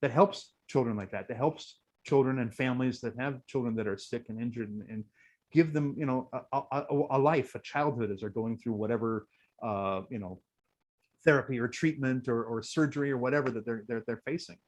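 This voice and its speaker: A man speaking as an interview guest in a relaxed, storytelling way. He circles back often with fillers and restarts. He gets choked up as he talks. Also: medium pitch, brisk, poor audio. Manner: emotional, many fillers and restarts. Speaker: guest, costume performer.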